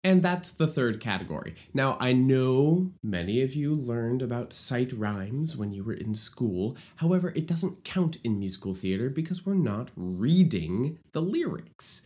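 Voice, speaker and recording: A man's voice: mid-range voice, big pitch swings, a little slow, hardly any pauses, darkish tone. A man explaining lyric writing for musical theater in an enthusiastic, playful teaching style. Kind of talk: explanatory video lesson.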